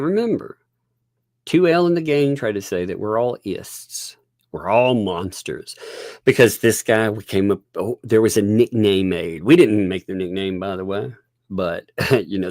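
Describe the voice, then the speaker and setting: A man's voice: lowish voice, darkish tone, no room sound, clean studio sound. A man with a Southern US accent hosting a casual livestream, rambling, chuckling often and thanking viewers. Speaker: livestream host.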